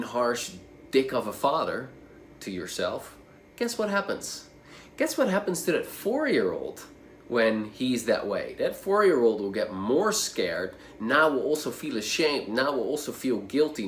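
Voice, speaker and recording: A man's voice: mid-range voice, a little hiss or hum. A man coaching people with social anxiety, talking casually to the camera in a rambling, conversational way, with plenty of fillers and side remarks.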